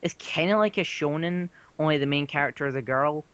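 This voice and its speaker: A man talking casually with friends, in a voice a little higher than most men's. He now and then jumps into loud mock voices. The sound is dry and close, but a little dull, as if from a lo-fi mic. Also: brisk, clear, resonant tone, no room sound. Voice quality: slips into loud high-pitched mock voices. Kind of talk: casual chat.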